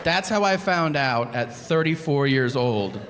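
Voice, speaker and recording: Man, stand-up comedian, profane, deadpan, long hall echo, audience noise behind. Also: mid-range voice, crowd noise. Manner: profane, deadpan storytelling with quick asides. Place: comedy stage before an audience. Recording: live stage recording with hall reverb and audience noise.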